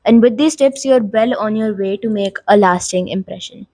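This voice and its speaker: A woman's voice: medium pitch, moderate pace, dark tone, no room sound. A young woman hosting a tutorial video, explaining tips casually to the camera with frequent filler words. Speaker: YouTube host giving tips. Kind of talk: talking-head tutorial.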